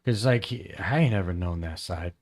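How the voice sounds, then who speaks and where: A man on a podcast telling a story in casual chat, rambling and halting with many fillers and restarts. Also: sits low, a little mellow. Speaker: podcast host.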